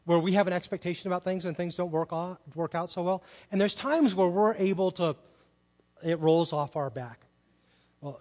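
A middle-aged man preaching a sermon, telling family stories in a conversational way and asking the congregation rhetorical questions. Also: fairly high pitch. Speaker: pastor. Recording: long reverb of a large hall.

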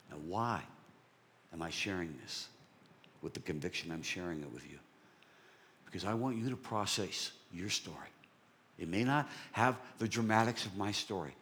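Husky man preaching a personal testimony. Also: on the low side, a little slow. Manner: storytelling, animated, drops to soft whispers. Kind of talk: sermon testimony.

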